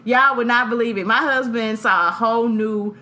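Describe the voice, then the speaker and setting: A woman, co-hosting a podcast and telling a story, animated and laughing, acting out voices. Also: on the high side, moderate pace. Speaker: podcast co-host. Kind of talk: casual storytelling chat.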